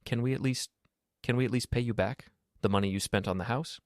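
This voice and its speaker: A man's voice: medium pitch, fairly quick, no echo, clean studio sound, pitched above the performer's own voice, natural voice. A man voicing a remorseful father in his sixties, apologetic and pleading in a storybook reading. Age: 60s.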